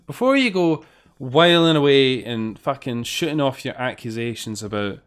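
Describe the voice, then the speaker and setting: A man's voice: mid-range voice, expressive, normal speed, smooth. A British man swearing freely and bantering sarcastically with his chat while he plays a game on stream. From Britain. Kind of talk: casual gameplay commentary.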